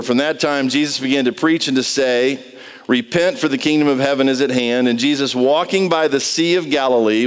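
A male pastor with a smooth, resonant voice preaching a relaxed, story-driven sermon. He keeps turning to the congregation with questions, and his words ring out with the long reverb of a large hall. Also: mid-range voice. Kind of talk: conversational sermon.

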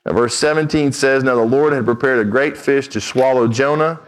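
A man's voice: medium pitch, normal speed, poor audio. A man preaching a sermon, reading scripture aloud and breaking off into direct, emphatic asides to his listeners. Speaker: pastor.

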